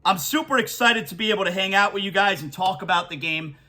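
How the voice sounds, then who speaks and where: Sports talk host, man, high, bright, emotional, stammering and gushing. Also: quick pace. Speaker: podcast host. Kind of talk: excited sports talk monologue.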